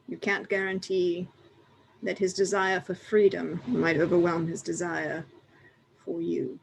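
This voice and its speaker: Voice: mid-range voice, level tone, unhurried, gravelly, a little hiss or hum, poor audio. A tabletop player voicing a stern elven hunter in character, speaking formally and bluntly. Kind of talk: in-character tabletop role-play.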